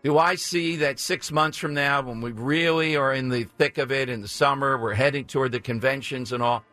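A man's voice: on the high side, sharp tone. A man hosting a talk radio show, blunt, combative and sarcastic. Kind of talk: opinionated talk radio monologue.

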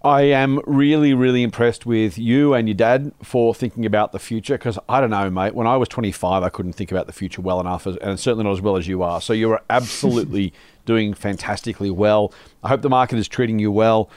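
A man's voice: lowish voice, brisk, darkish tone, clean tone, dry recording. Matey Australian man, dry sound. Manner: matey, encouraging, calls listeners mate. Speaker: podcast co-host. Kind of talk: casual chat.

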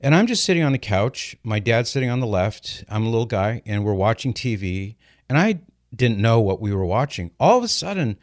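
A man's voice: mid-range voice, moderate pace, no room sound, clean studio sound. A man in his sixties hosting a call-in radio show, telling stories with energy and explaining answers step by step. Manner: lively storyteller, explains step by step. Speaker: radio host answering callers.

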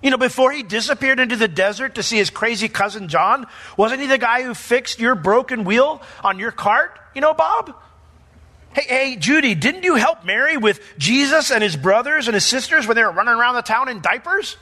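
A man's voice: extremely high pitch, lively intonation, moderate pace, bright, forceful tone, pitched above the performer's own voice, full character voice. A man acting out a skeptical small-town neighbor who scoffs at the local carpenter's son. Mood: scoffing. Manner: mocking, chatty.

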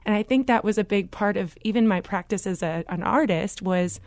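A woman's voice: medium pitch, no room sound. Earnest woman telling a faith story. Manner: earnest, animated storytelling with quick asides. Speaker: guest. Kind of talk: faith interview conversation.

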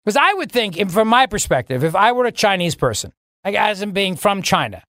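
A man hosts a political talk radio show and delivers a sarcastic, mocking monologue. He jumps to a much higher pitch to drive home his points. He sits at a studio microphone, and the sound is completely dry, with no room echo. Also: very animated, fairly quick, sharp tone. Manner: sarcastic, mocking, with sudden rises in pitch for emphasis.

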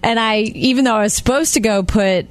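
A woman's voice: a little high, brisk, no echo. A woman co-hosting a casual talk show, telling stories in a chatty way and laughing easily. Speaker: radio co-host. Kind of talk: casual chat.

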